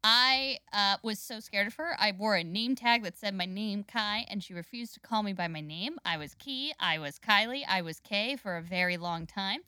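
A woman telling a comic story in casual chat, animated and quick to laugh. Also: mid-range voice, clean tone, no room sound.

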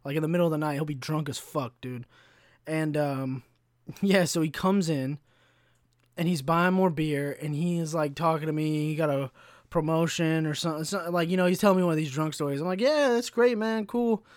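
A man in his twenties with a fairly high, evenly intoned voice tells a meandering, foul-mouthed story on his podcast, talking fairly quickly and packing in lots of "likes" and "ums." The studio-quality recording has no echo.

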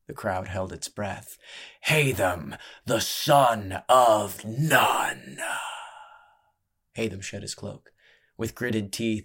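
A man narrating a fantasy story in a measured, hushed, dramatic manner. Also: on the low side.

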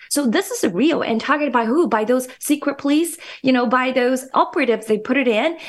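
High-voiced woman, halting guest. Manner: halting, many restarts and fillers. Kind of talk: political talk show interview.

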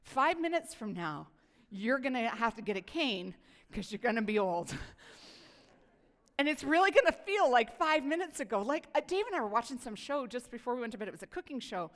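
A middle-aged woman pastor giving a chatty, animated sermon and reading scripture aloud. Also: a little high, a little fast, big-room sound. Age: 40s.

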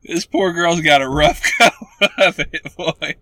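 A man co-hosting a podcast, joking around in casual banter and quick with quips. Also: on the high side, pushed and bright, no echo. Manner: jokey, quick with quips and laughter.

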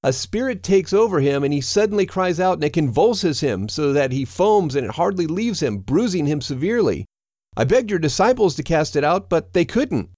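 A man putting on a desperate, high-pitched begging father. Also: big pitch swings, normal speed, a little mellow, dry recording, studio quality. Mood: pleading. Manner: pleading, raised voice.

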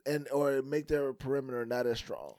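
A man's voice: mid-range voice, fairly even intonation, normal speed, a little mellow, dry recording, studio quality. A man co-hosting a podcast, talking basketball in a loose, casual way, restarting and filling with "like" and "you know". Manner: loose, repeats himself, many fillers. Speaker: podcast co-host. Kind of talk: casual sports chat.

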